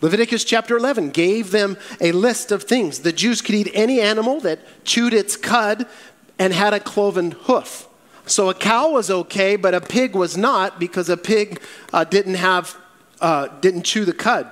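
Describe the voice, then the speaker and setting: High-voiced animated preaching man. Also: moderate pace, long reverb tail. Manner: animated preaching with acted Bible quotes. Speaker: pastor. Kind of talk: sermon.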